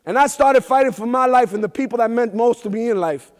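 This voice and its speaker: A man's voice: very high voice, brisk, clean tone. A man giving a motivational keynote speech full of stories, talking emphatically with street slang and lots of repetition. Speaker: keynote speaker. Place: large event hall. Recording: echoey hall reverb.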